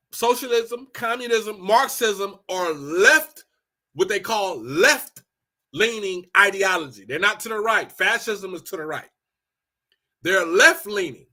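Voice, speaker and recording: Bright high-pitched animated man ranting. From Los Angeles. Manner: animated, blunt, profane, repeats phrases. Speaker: commentator. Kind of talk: casual political rant.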